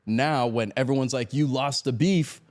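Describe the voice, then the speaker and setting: A man's voice: mid-range voice, moderate pace. A man from Miami, a guest on an interview podcast, telling a story with lots of laughter and acted-out quotes. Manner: animated storyteller acting out quotes, laughs often.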